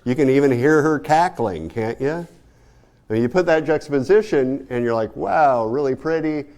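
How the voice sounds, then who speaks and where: A man's voice: mid-range voice, lively intonation, normal speed, a little mellow. A man giving a casual art history lecture, talking to students and asking them many rhetorical questions. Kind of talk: classroom lecture.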